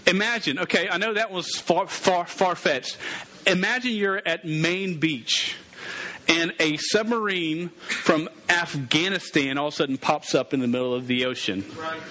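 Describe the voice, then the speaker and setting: A man's voice: a little high, normal speed, bright, forceful tone. A man giving a casual, playful sermon as a youth pastor, calling out to his group. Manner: playful, interactive, calls out to the group.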